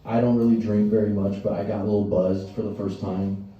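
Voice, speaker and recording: A man's voice: on the low side, level tone, brisk, muffled recording. A young man doing a stand-up set, telling crude, profane stories and acting out the voices of people in them. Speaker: stand-up comedian. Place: comedy stage before a live audience. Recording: distant, roomy live stage sound.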